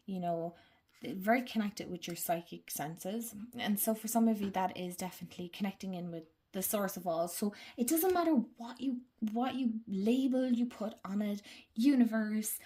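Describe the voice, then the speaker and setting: A woman's voice: mid-range voice, mellow. A woman giving a casual, chatty tarot reading, slightly congested, often checking in with her listeners. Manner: chatty, reassuring, frequent "okay?" and "right?" check-ins. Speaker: tarot card reader.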